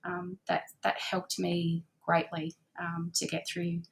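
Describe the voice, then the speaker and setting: A middle-aged woman talks easily as an interview guest. Her voice sits a little low, with a gravelly, husky texture. She rambles warmly with many fillers. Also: completely flat delivery, slow pace. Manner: warm, chatty, frequent fillers and laughs. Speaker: guest, boutique owner. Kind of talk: casual conversational interview. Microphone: remote call.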